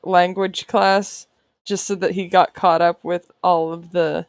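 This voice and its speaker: A woman's voice: on the low side, level tone, unhurried, no echo, studio quality. A woman artist chatting casually while she draws on a livestream, playful and sarcastic, often laughing. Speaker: artist streamer. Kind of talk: casual chat while drawing on stream.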